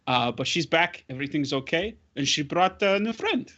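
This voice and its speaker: A man playing a large, gentle man who soothes children in a tabletop game. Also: fairly high pitch, lively intonation, moderate pace, voice pushed up. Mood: cheerful. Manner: soft, coaxing, reassuring. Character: big gentle caretaking man. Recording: slightly dull lo-fi audio.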